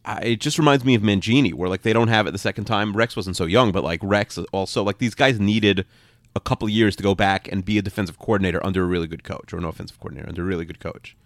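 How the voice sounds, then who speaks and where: A man's voice: lowish voice, no room sound, studio quality. Rambling, opinionated podcast co-host man. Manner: rapid, rambling, opinionated with many "like"s. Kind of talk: casual sports podcast chat.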